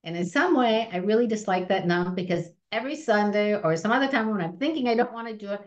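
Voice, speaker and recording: Animated woman telling stories, lo-fi. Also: mid-range voice, fast. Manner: animated, acts out voices in anecdotes, many restarts. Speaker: film company president, guest. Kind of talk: conversational storytelling.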